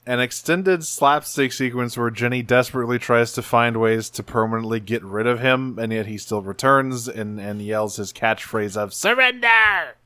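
A man's voice: medium pitch, fairly even intonation, moderate pace, hardly any pauses, fairly bright tone, clean tone, no room sound. A man casually recapping a cartoon episode on a podcast, rambling and swearing as he acts out bits. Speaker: podcast co-host.

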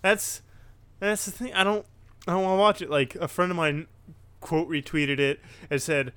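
A man co-hosting a casual wrestling chat, excitable and rambling, with lots of restarts. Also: a little high, normal speed, clear, resonant tone, no room sound. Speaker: podcast co-host.

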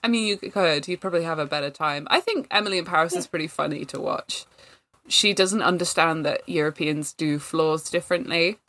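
A young woman jokes and teases her friends in a casual podcast chat. Her voice sits a little low, and she laughs often. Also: fairly quick, fairly bright tone. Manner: laughing, teasing, joking. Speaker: podcast co-host.

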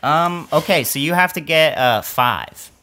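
A man's voice: fairly high pitch, expressive, a little slow, sharp tone. A young man co-hosting a casual podcast, teasing and self-deprecating as he runs a game. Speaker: podcast co-host.

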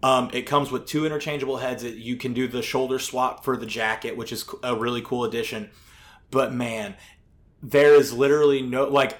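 A man co-hosting a podcast in casual chat, rambling with lots of fillers and the odd swear. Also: mid-range voice. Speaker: podcast co-host.

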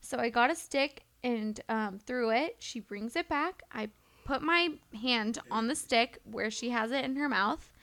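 A woman co-hosting a casual podcast, telling a wild story with lots of swearing and animated energy. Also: a little high, measured pace. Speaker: podcast co-host.

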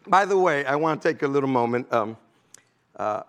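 A man's voice: mid-range voice, expressive, normal speed, a bit bright. A man preaching a sermon to his congregation in a conversational way, often checking in with "amen?" and "okay?" and laughing lightly between points.

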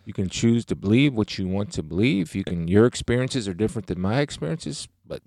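Man, middle-aged, podcast co-host, earnest and emphatic, lowish voice, dry close mic. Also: lively intonation, brisk, creaky, a little mellow, dry recording. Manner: earnest, emphatic, declaring beliefs. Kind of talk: faith podcast chat.

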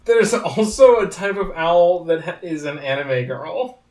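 A woman's voice: fairly low pitch, measured pace, darkish tone, low-quality recording. A woman co-hosting a podcast in casual chat, playful and joking. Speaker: podcast co-host.

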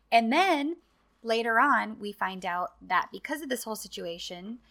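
Bright-voiced woman gushing over a show. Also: fairly high pitch, unhurried. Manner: animated, laughs, gushes over scenes. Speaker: podcast co-host recapping a TV series. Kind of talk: casual chat.

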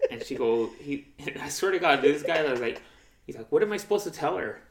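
A young man tells stories in a casual chat, and his gravelly voice sits a little high for a man. He jumps all over his range as he acts out other people's lines, drops plenty of slang and curses, and the room gives his voice a noticeable echo. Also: brisk. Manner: animated storyteller who acts out quoted voices; profane and slangy. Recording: roomy echo.

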